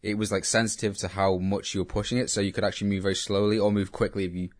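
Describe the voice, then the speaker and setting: A man with a slightly low voice co-hosts a relaxed podcast chat. He answers with dry, sarcastic quips and deadpan jokes. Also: very fast. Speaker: podcast co-host. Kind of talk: casual chat.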